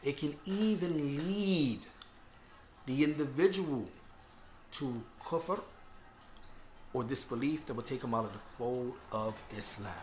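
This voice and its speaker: A man's voice: medium pitch, slow pace, long pauses, darkish tone, a little hiss or hum. A man delivering a religious lecture, earnest and conversational, often checking in with his listeners. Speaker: Islamic lecturer.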